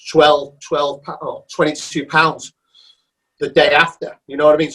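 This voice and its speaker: A man hosting a podcast, talking casually in a halting, rambling way. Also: on the high side, a bit bright, breathy edge, low-quality recording. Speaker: podcast host.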